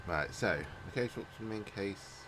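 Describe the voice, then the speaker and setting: A man with a low, deep voice talks through a game as he plays, hesitating and thinking out loud. He sounds groggy, as if he just woke from a nap, and hiccups and burps now and then. A faint hiss sits under the recording. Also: animated, unhurried. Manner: rambling, hesitant, thinking aloud. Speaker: gaming YouTuber. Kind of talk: casual let's-play commentary. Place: at home, recording without a camera.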